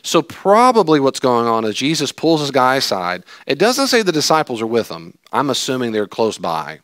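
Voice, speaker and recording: A male pastor giving a lively sermon, telling stories and acting out voices with jokes. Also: mid-range voice, normal speed, dry recording, studio quality. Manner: animated, jokey storytelling with acted-out voices.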